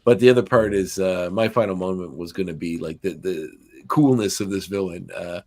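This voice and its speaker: A man's voice: low voice, moderate pace, darkish tone. A man with a Nova Scotian accent hosting a podcast, chatting loosely with lots of fillers and restarts. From Canada. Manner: meandering, many fillers and restarts. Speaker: podcast host. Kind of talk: casual podcast chat.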